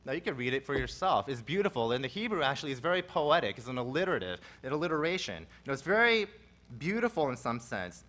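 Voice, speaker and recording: A male pastor delivering an expository sermon at a church service. He swells loud on repeated phrases, then drops back to a soft, conversational teaching tone. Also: medium pitch, big pitch swings, fast talker.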